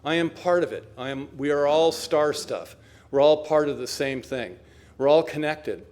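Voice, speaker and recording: A man's voice: a little high, moderate pace, darkish tone. Wry older man sharing his story. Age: 70s. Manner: wry, self-mocking storytelling. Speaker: recovery meeting speaker. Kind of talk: personal recovery talk.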